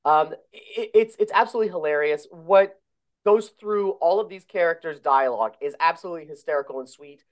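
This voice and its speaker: A man's voice: fairly high pitch, a little fast. A man co-hosting a casual film review podcast, gushing with enthusiasm and heaping on superlatives. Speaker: podcast co-host.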